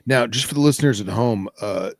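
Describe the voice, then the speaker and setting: A man hosts a podcast in loose, rambling chat, with plenty of fillers and restarts. His voice has a gravelly edge, and the sound is dry and close. His pitch sits in a middle range for a man. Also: brisk, no echo. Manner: rambling, filler-heavy, laid-back. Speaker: podcast host. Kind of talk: casual chat.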